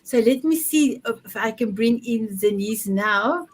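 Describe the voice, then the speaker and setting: A woman's voice: on the high side, measured pace. A woman hosting an online summit over a video call, gushing and effusive with her guests. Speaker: summit host.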